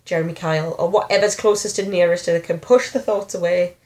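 A woman's voice: fairly low pitch, quick pace. Frank woman in her thirties. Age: 30s. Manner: frank, animated storytelling with self-deprecating humor. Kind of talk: candid personal conversation.

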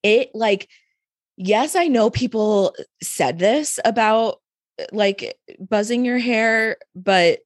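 A woman's voice: a little high, slow pace, dry recording, studio quality. A young woman co-hosting a podcast, talking casually and chattily, filling her talk with "like" and laughing often. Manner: chatty, fillers of "like", frequent laughter. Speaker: podcast co-host. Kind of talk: casual chat.

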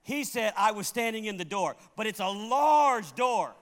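High-voiced preacher with hall reverb. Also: male voice, animated, normal speed, fairly bright tone. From Puerto Rico. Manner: humorous storytelling, laughs at his own tales. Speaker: pastor. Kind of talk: sermon.

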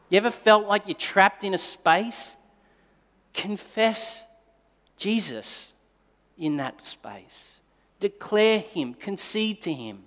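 A male pastor telling a personal story in a sermon, moving between forceful emphasis and quiet, tender passages. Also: high-pitched, animated, slow pace. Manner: dynamic storytelling, swinging between loud emphasis and hushed, tender delivery. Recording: long reverb of a large hall.

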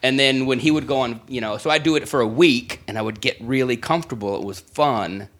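A middle-aged male stand-up comedian swaps stories in a loose, casual chat. He rambles, restarts his sentences and circles back as he talks, at an ordinary pitch for a man. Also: brisk, a bit bright. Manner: rambling storyteller with frequent restarts.

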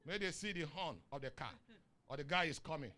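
Nigerian preacher guy, really bright cutting voice, bit high, keeps quizzing the crowd and then shouts. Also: brisk. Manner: rousing, breaks into shouts on key lines; asks the crowd questions and waits for answers. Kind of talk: sermon with call and response.

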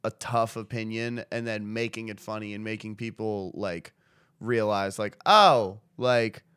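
A man's voice: on the low side, level tone, moderate pace, smooth, dry recording, clean studio sound. A young man co-hosting a podcast in casual chat, loose and profane, often laughing and acting out quotes. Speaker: podcast co-host.

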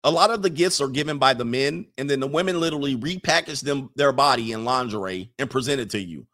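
A man in his forties hosting a casual commentary stream, joking and animated, often trailing off while searching for a word. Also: medium pitch, fast. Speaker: host reacting to clips and super chats.

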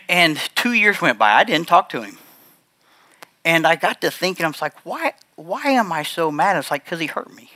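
Earnest man with a bright, forceful voice. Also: a little high, very animated, no room sound. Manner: earnest, heartfelt, confessional; halting, with frequent restarts. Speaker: church speaker sharing a testimony. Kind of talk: personal testimony to a congregation.

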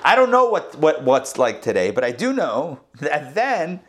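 A man, a rabbi, teaching a Torah class and retelling the verses in a lively storytelling way. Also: on the high side, measured pace, slight background noise. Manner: animated storytelling, acts out the verses.

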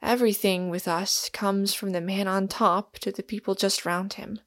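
A woman reading the part of an older male professor in an audiobook, speaking in a hesitant, measured way. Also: medium pitch, steady tone, no room sound, clean studio sound, natural voice.

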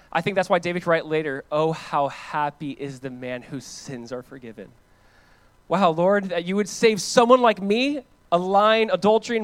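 An American pastor delivers a sermon in a conversational, animated style, moving between loud, emphatic lines and quiet ones and repeating phrases for emphasis. His voice sits on the high side, and the recording is dry.

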